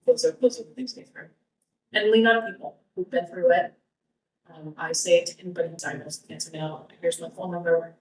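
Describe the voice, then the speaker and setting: In a fairly low, fairly even voice, a cancer survivor speaks briskly as an interview guest sharing her own story. Her telling is casual and rambling, full of fillers and restarts, and the distant mic sounds roomy.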